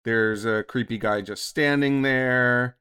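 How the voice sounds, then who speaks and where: Brief: man podcast co-host, unhurried, smooth clear voice, fillers, dry sound. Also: mid-range voice, pushed and bright, no room sound. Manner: slow and rambling with fillers. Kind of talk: casual chat.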